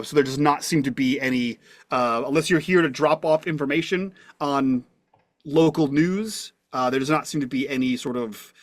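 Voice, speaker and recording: A man narrating as game master in a tabletop role-play. He halts often and fills his pauses as he describes the scene. His voice sits a touch high and sounds dry and close. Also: no room sound. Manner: halting, heavy with fillers.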